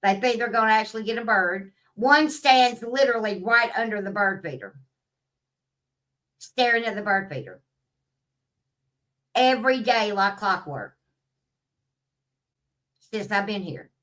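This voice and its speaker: A woman's voice: mid-range voice, lively intonation, unhurried, long pauses, a bit bright, far from the mic, low-quality recording. A woman, talking in a blunt, profane, casual vlog rant and laughing at her own stories. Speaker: vlogger. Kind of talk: casual ranting monologue.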